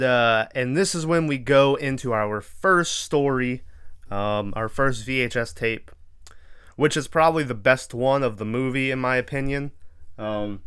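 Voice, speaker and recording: A young man on his podcast, rambling through a horror movie's plot with plenty of swearing and "um"s. His voice is smooth and clear, recorded close and dry with no room sound, at an average pitch. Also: a bit bright, no room sound. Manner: profane, rambling storytelling with fillers. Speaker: podcast host. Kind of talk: casual movie recap.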